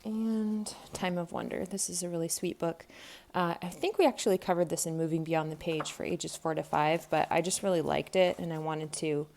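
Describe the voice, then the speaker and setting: A woman in her thirties talks through a casual unboxing at home, thinking aloud and filling pauses with ums. Her voice sits a little low and has a gravelly, fry-laden edge. A faint hiss of noise lies under the tripod camera recording. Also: steady tone, darkish tone. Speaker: homeschool vlogger. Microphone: camera mic on a tripod.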